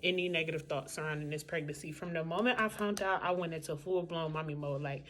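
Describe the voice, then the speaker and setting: A woman's voice: low voice, fast talker. A woman vlogging in a casual, candid chat, talking straight to her viewers.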